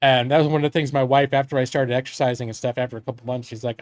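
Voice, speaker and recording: A man's voice: mid-range voice, fairly even intonation, rapid-fire, few pauses. A man in his forties chatting casually on a live stream, rambling and candid, swearing freely and joking at his own expense. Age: 40s.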